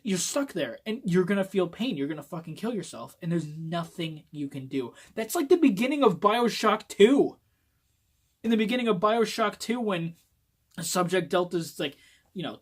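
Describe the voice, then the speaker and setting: A man giving a casual video book review on his phone, rambling and swearing often as he gets excited. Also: on the high side, husky.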